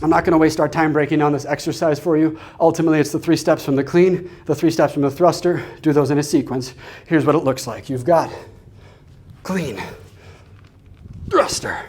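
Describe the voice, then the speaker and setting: Energetic man coaching a workout. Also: on the high side, quick pace. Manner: clear step-by-step coaching, energetic. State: out of breath during demonstrations. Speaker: fitness coach. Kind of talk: instructional demonstration.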